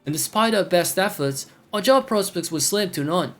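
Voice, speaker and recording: A man's voice: high voice, expressive, moderate pace, a bit bright, pitched above the performer's own voice. A man voicing a rowdy, boastful male refugee laborer in a game, with a folksy drawl and tag questions.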